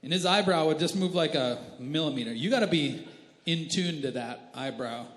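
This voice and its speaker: In a large church hall full of long reverb, a male pastor in his thirties delivers a humorous sermon built on family stories, chatty and self-deprecating with asides to the congregation. His voice is on the high side at a moderate pace.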